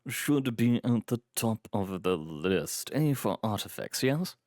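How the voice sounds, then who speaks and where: A man's voice: lowish voice, big pitch swings, slow, a little mellow, no echo, clean studio sound, full character voice. A man doing a refined, courteous valet. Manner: polite, refined accent. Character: refined, pleasant male valet.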